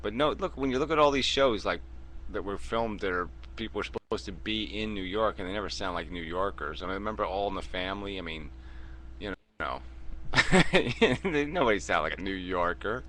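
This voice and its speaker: A man's voice: deep voice, lively intonation, fairly quick, fairly bright tone, a little hiss or hum. A man talking bluntly and dismissively in a casual, profane group chat. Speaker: video host debating in a live chat.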